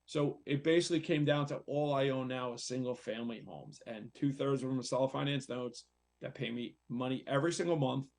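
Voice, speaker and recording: An American real estate investor and coach appears on a talk show, speaking candidly and conversationally as he tells a personal story and repeats himself. His voice is medium-pitched, fairly quick, and a little mellow.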